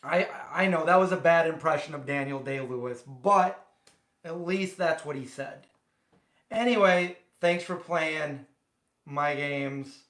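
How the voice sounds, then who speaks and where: A man's voice: on the high side, unhurried, fairly bright tone, echoey room. A man hosting a casual livestream from his home kitchen, rambling and chatting directly with viewers. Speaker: livestream host. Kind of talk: casual chat.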